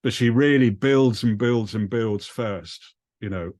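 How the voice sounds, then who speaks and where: Man, comedy writing teacher, low voice, relaxed explaining, video call mic, dry. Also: unhurried, dry recording. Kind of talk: class breakdown over video call.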